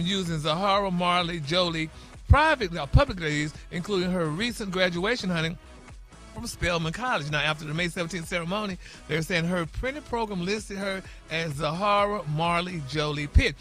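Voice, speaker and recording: A man's voice: sits high, a little fast, soft background music. A man hosting a celebrity gossip segment on morning radio. He is chatty and opinionated, and he calls everyone "honey," "baby" and "y'all.". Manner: animated, opinionated, bickers with co-hosts.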